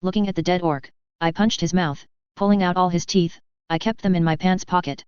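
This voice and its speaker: A woman narrating a first-person fan fiction story in a steady, plain manner. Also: lowish voice, a little fast, clean tone, no echo, lo-fi sound.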